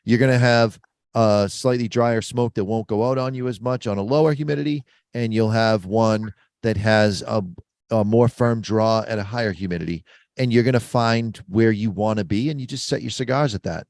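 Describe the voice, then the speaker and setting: Low-voiced male podcast host, dry sound. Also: moderate pace, a little mellow, no room sound. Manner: confident, explanatory. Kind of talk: casual podcast chat. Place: mobile studio.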